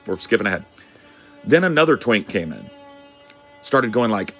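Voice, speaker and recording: A man hosting a podcast, telling a rambling story in a casual, profane, animated way. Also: on the low side, fairly quick, soft background music. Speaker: podcast host.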